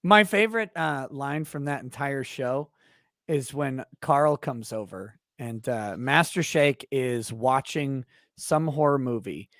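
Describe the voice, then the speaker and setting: A man's voice: medium pitch, takes it slowly, a bit bright, no echo, clean studio sound. A man hosting a live-stream interview, chatting casually, laughing often and reading out viewer comments. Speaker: host.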